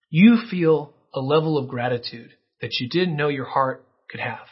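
A man preaching a sermon, earnest and dramatic, with his voice leaping up and then dropping to a hush as he tells a story. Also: on the high side, normal speed, slightly rough. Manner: earnest, dramatic storytelling with sudden rises and hushed drops. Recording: dull lo-fi sound.

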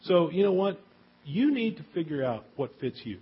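A middle-aged man gives a relaxed, chatty sermon with a husky voice. He acts out the people in his stories as he goes. The sound is dull and lo-fi. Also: on the high side, moderate pace. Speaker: pastor.

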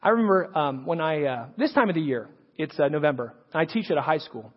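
A man's voice: on the high side, fast. A man in his thirties giving an earnest, conversational sermon full of stories, often repeating words as he restarts. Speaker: preacher and high school teacher. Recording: dull lo-fi recording with long hall reverb.

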